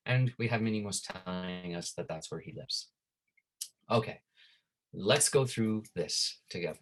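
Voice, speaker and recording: A man teaching a Latin class online, who reads Latin lines slowly and ends nearly every phrase with "right?". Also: on the low side. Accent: Canadian. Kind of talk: online lesson.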